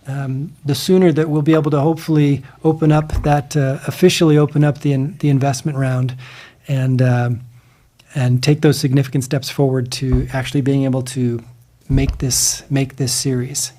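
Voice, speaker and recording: A man hosting a livestream in a casual, halting way, with many fillers and restarts. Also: mid-range voice, flat delivery, warm tone. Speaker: livestream host.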